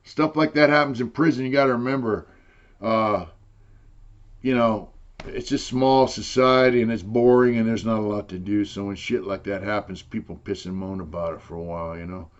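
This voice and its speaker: A man's voice: lowish voice, fairly even intonation, normal speed, muffled recording. An older man telling a long story in casual, rambling talk, swearing freely and saying "you know" again and again. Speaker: interviewee telling prison stories.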